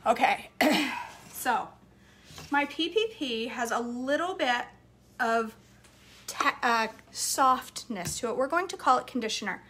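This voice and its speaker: A fairly high, lively, bright voice comes through slowly and with some push as a woman cooks at her home stove for a camera set up close by. She jokes and chats in a playfully bossy manner during this casual cooking demo. Pots clatter and a whisk works behind her.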